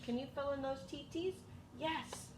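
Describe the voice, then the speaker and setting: High voiced music teacher lady, slow and patient, far from the mic with room echo and hiss. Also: a little mellow. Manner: patient, encouraging, sings examples. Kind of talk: elementary music lesson. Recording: echoey room, distant mic, noisy.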